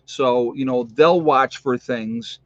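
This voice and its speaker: A man's voice: medium pitch, takes it slowly, fairly bright tone, no room sound. A man with an upstate New York accent, rambling in a chatty, casual way to his viewers and laughing often. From New York State. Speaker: vlogger. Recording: dull lo-fi sound.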